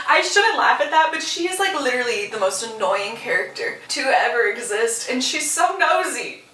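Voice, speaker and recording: A woman's voice: fairly high pitch, sing-song, moderate pace, few pauses, sharp tone, far from the mic, a little hiss or hum. A woman casually recapping a book plot, chatty and opinionated, in an echoey room away from the mic. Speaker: book vlogger.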